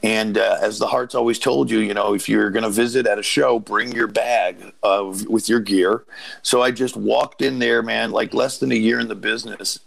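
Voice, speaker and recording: A man's voice: on the low side, steady tone, moderate pace, vocal fry, fairly bright tone, low-quality recording. A man in his fifties, a native Portuguese speaker, telling rambling stories as a guest with many fillers and asides. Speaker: guest, former wrestler. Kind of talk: casual storytelling.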